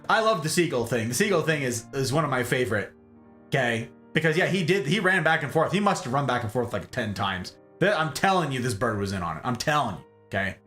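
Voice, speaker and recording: A man hosting a stream, telling a story casually and animatedly, often tagging lines with "okay?". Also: medium pitch. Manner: animated, rambling, keeps asking "okay?". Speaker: streamer host.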